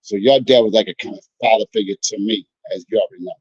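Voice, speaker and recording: A man's voice: fairly low pitch, quick pace, slightly rough, dry recording. A man hosting a casual sports talk show, talking to his guest and turning to the listeners with "folks" and "y'all.". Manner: animated, addresses listeners as folks. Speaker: podcast host. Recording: dull lo-fi sound.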